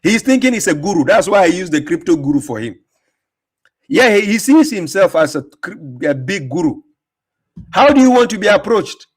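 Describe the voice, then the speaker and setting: A man's voice: high-pitched, big pitch swings, moderate pace, husky. A man hosting a reaction commentary, talking in a mocking, emphatic way, laughing often and repeating words. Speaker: host reacting to a video.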